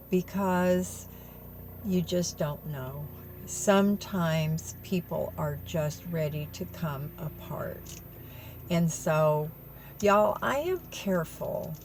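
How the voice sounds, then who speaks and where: Woman, low voice, unhurried, earnest and close to tears, vlog storytelling. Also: darkish tone, slight background noise. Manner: earnest, tearful, addresses viewers as y'all. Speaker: vlogger. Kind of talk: emotional storytelling to viewers.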